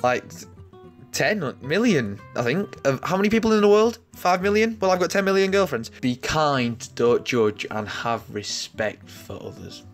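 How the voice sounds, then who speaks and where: A young man riffs through mock-outraged, swear-heavy commentary in a fairly high voice. His tone stays ironic and exaggerated. Faint music plays in the background. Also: sing-song, moderate pace. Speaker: comedy commentator. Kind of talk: sarcastic reaction commentary.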